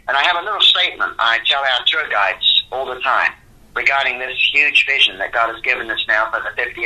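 A man's voice: medium pitch, pushed and bright, poor audio. An older man, the founder of a religious museum ministry, answering interview questions in an earnest, devout and rambling way.

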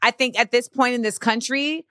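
A woman hosting a casual interview podcast, chatty and slangy with quick expressive interjections. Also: fairly high pitch, no echo, studio quality. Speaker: podcast host.

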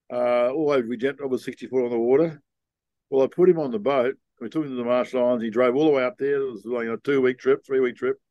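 An older man tells stories as a podcast guest, in a frank, reflective way that circles back on itself. His voice sits at a middle pitch. The sound is dry and close. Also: no echo, dull audio. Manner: rambling, frank and reflective, with frequent ums and restarts. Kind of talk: casual storytelling conversation.

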